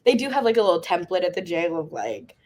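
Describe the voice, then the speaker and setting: A woman in her thirties tells a candid story as a podcast guest, often breaking into laughter. Her voice is husky and breathy. It sits on the lower side for a woman. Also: quick pace. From Las Vegas, USA. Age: 30s. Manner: laughing often through a frank, animated story.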